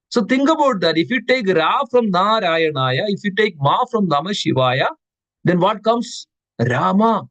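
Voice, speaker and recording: A man's voice: high-pitched, no echo, poor audio. A man giving a devotional scripture class, reciting verses and asking his listeners questions, often repeating words for stress. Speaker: class speaker.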